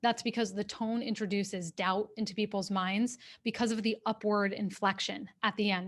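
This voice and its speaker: A woman executive coach speaks into her webcam during an online workshop. Her voice sits at a middle pitch, and her delivery is clear, steady and instructive. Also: moderate pace, few pauses. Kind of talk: workshop talk. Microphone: webcam on a video call.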